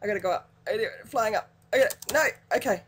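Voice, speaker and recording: A woman giving excitable, giggly let's play commentary, cheerfully cursing at the game. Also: mid-range voice, fast, a little hiss or hum. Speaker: gaming channel host.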